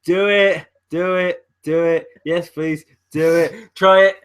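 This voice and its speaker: A man's voice: fairly high pitch, steady tone, slow pace, a bit bright, clean tone. A man co-hosting a livestream, teasing his co-host and laughing a lot. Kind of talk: casual banter on a livestream.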